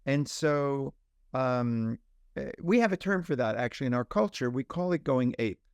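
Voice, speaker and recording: Man doctor on a podcast, middle pitch, explains stuff with lots of examples. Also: animated, normal speed, smooth, no echo, clean studio sound. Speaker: pediatrician guest. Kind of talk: podcast interview.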